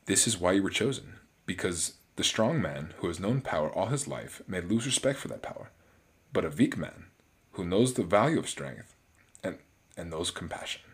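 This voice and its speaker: A man's voice: low-pitched, very animated, moderate pace, slightly rough, full character voice. A man reading a line as an earnest older scientist, putting on a German accent. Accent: German (put on).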